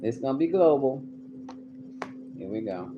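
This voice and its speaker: A man's voice: mid-range voice, lively intonation, a little slow, phone-quality sound, noisy background. A man doing a live tarot reading, chatty and emphatic, talking straight to his viewers. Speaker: tarot reader.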